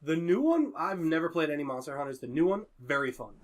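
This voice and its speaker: Brief: higher-voiced male let's-player, lively pitch, swears freely. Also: fast talker. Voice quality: expressive, profane. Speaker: let's play host. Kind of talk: casual gaming chat.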